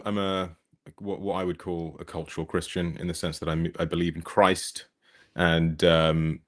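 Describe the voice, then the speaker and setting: A young man as a guest in a casual discussion, explaining in a measured, slightly hesitant way. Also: sits low.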